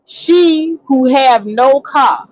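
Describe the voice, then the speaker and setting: A woman with a slightly high voice rants through a casual story, indignant and fed up. She acts out other people's lines as she goes. The recording is dry and a little dull, with a lo-fi sound. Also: drawn-out words, no room sound. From Chicago. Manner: indignant, ranting storyteller who acts out quotes. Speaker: online talk show host.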